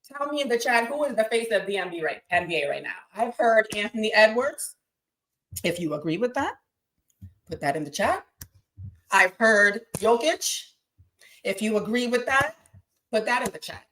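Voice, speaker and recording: A young woman hosts a casual sports podcast, talking straight to her live chat. She is excitable and blunt, swears freely, and her voice sits a little high. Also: moderate pace, pauses often, poor audio. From Boston. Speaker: podcast host.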